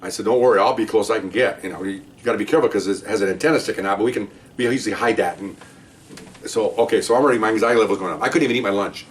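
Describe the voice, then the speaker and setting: A middle-aged former detective tells his war stories in a low voice, moving at a quick clip. He gets animated and jumps up in pitch when he acts out what others said. The mic sits a little away from him. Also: a little hiss or hum. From Latino. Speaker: retired police detective telling stories. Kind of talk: casual storytelling. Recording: voice a bit far from the mic.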